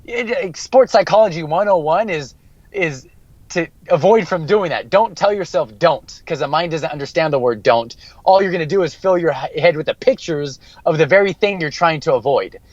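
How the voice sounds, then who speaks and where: A man's voice: fairly high pitch, lively intonation, normal speed, darkish tone, dry recording, muffled recording. A man working as a mental skills coach, giving an earnest podcast interview and repeating key phrases for emphasis.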